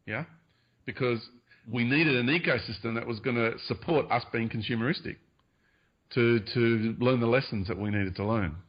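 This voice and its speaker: A man speaking as a radio-show guest, talking earnestly about spiritual ideas, hedging often and pausing with fillers. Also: mid-range voice. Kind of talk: spiritual interview talk. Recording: dull lo-fi radio audio.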